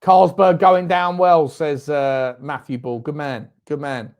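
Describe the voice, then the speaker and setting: Speaking slowly, this fan host of a football watchalong has a fairly high voice. He keeps up easy chatter with viewers, reads their messages out, and flares into loud, thrilled shouting over the referee and near misses.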